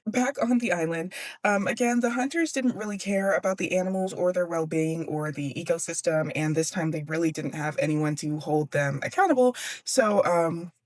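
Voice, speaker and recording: A woman's voice: deep voice, dry recording. A woman giving a casual, slangy book recap with sarcastic asides and frequent laughs. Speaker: book vlogger.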